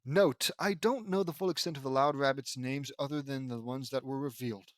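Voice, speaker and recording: A man's voice: mid-range voice, fairly quick, dry recording. A man reading a fan-fiction audiobook aloud, stumbling over words and breaking in with sarcastic asides.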